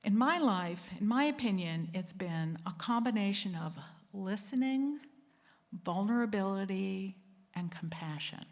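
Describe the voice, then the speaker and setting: A woman's voice: medium pitch, animated, unhurried, big-room sound. A woman hosting a secular assembly, talking conversationally, joking about herself and acting out quotes. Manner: conversational, self-deprecating, acts out quotes. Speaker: host.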